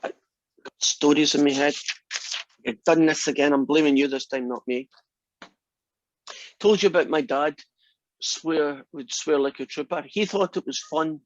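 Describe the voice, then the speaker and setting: A man's voice: medium pitch, dry recording. Rambling man telling a story. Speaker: college math instructor. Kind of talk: anecdote told in class. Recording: dull, dry lo-fi classroom recording.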